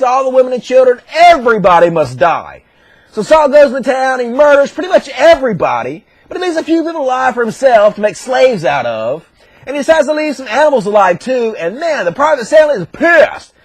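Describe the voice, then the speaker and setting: High-voiced man, crude comic storyteller. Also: no room sound. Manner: rapid, crude, slips into shouted character voices. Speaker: comedic narrator. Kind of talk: profane comedic retelling.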